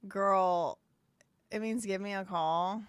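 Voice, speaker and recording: A woman's voice: medium pitch, takes it slowly, slight background noise. A woman hosting a live stream, chatting casually, laughing and repeating phrases as she goes. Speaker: live show host.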